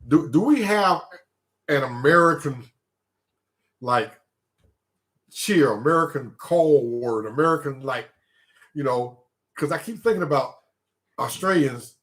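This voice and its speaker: A man co-hosting a casual livestream, teasing and playful, breaking into chanted bursts. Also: on the high side. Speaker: co-host.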